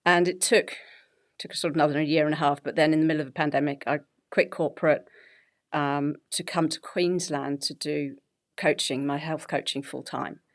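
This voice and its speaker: A woman in her forties from England with a BBC-style English accent, telling her story as an interview guest with animated, laughing delivery. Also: low-pitched, normal speed. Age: 40s. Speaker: guest, health coach. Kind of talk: conversational interview.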